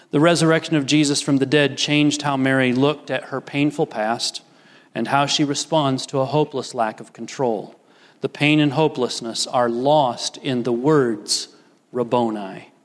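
An older man preaching a sermon as pastor, slow and deliberate with emphatic pauses. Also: mid-range voice. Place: church sanctuary. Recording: long reverb of a church hall.

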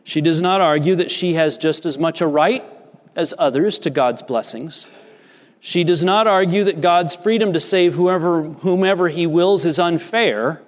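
A man preaching a sermon as a pastor, measured and deliberate, lifting his voice for emphasis. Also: fairly high pitch. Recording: long reverb of a large hall.

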